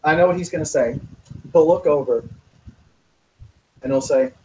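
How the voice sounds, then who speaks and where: A man playing in a casual tabletop role-playing session, playful and quick to laugh, slipping in and out of character. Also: a little high, warm tone, a little hiss or hum, rough recording. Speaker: tabletop player.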